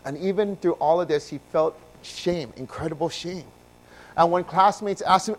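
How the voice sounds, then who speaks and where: A man preaching a sermon, moving from quiet, low passages to loud, emphatic ones and asking his listeners questions. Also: normal speed. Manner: swings from soft and low to loud and emphatic, asks the congregation questions. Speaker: pastor.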